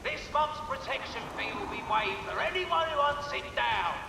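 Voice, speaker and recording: An actor playing a brash male announcer in a video game, calling out news in a loud, swaggering way. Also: very high-pitched, lively intonation, moderate pace, vocal fry, soft background music, heavily acted. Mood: announcing. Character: brash male town crier making announcements. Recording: game audio in a reverberant hall with loud crowd.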